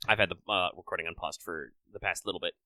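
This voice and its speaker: A man running a tabletop session talks in quick, chatty bursts, often restarting his sentences. His voice is lowish and bright. The sound is close and dry, like a home headset mic. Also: fairly even intonation, no echo. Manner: quick, chatty, self-correcting. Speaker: game master. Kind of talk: running a tabletop game over voice chat.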